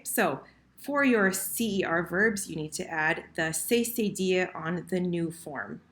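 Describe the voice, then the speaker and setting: Lady walking through french verbs, slowish and kinda low, patient, fixes her own slips, bit of typing noise. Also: fairly bright tone. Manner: patient, self-correcting, talks while typing. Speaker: French teacher. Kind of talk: screen-recorded grammar lesson.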